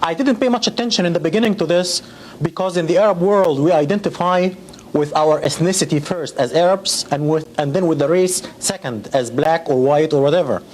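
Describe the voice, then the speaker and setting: A man from Egypt, giving measured personal testimony with some hesitant restarts. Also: fairly high pitch, a little mellow. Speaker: interviewee.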